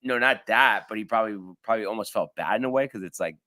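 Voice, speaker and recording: A man's voice: lowish voice, fast talker, sharp tone. A man co-hosting a casual sports show, telling a long story in a rambling way with lots of fillers. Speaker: podcast co-host.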